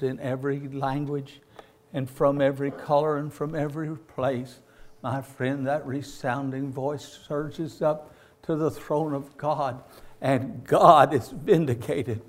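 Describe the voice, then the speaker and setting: A man's voice: on the high side, a little mellow. Impassioned male preacher with swelling peaks. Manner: addresses listeners as "my friend". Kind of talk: sermon.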